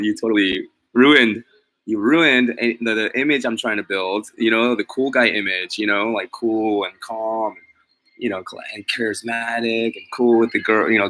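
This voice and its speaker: Chatting with his live audience, a man who vlogs about mobile pet grooming rambles along, laughing a lot and making fun of himself amid plenty of fillers and false starts. His voice sits fairly low with a slightly bright quality. The recording is low-quality, carrying some hiss or hum.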